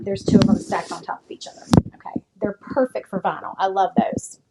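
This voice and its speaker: A woman giving a rambling, chatty live tour of her home craft room, slightly out of breath as she walks around, with lots of ums and likes. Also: mid-range voice. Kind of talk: casual live-stream chat. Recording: loud background noise with clicks.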